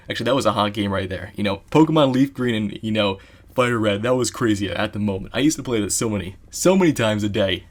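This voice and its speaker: A man telling a story in a casual vlog, rambling and excitable, packing his talk with "you know" asides. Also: medium pitch.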